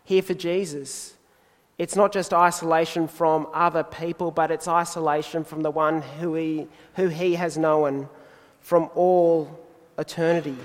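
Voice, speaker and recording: A man preaching a sermon in a measured, deliberate way, pausing for emphasis. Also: fairly high pitch, flat delivery, in a large hall.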